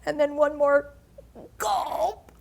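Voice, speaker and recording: An older woman telling a story dramatically at a ministry gathering, gasping, sighing and stretching out the suspense. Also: on the high side. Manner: dramatic, with gasps, sighs and drawn-out pauses. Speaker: ministry speaker. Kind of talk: animated children's storytelling. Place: church gathering.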